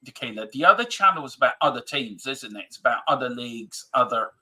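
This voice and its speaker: A man's voice: mid-range voice, expressive, a little fast, pushed and bright. A man co-hosting a casual fan live stream, reading viewer comments aloud and laughing often. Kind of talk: casual chat.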